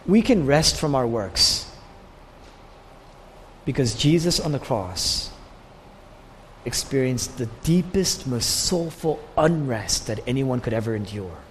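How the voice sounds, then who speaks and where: A male pastor preaching a sermon, swinging from loud declarations down to hushed near-whispers. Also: a little high, slight background noise. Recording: long hall reverb with faint ambience.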